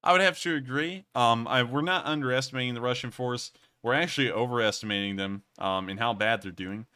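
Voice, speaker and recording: A man's voice: medium pitch, fairly quick, sharp tone, clear, resonant tone. A man hosting a casual livestream Q&A, rambling and repeating stock phrases as he answers viewers. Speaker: host. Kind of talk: livestream commentary and Q&A.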